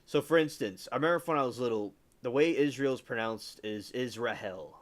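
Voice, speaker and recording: A man's voice: mid-range voice, a little fast. A man hosting a livestream, giving casual news commentary in a rambling way and often correcting himself. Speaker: livestream host.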